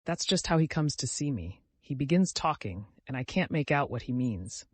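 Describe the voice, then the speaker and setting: A man's voice: sing-song, moderate pace, no room sound. Narrator doing a raised-voice young woman, bossy and reproachful, dry sound. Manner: high, reproachful, insistent. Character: proud, sharp-tongued young woman.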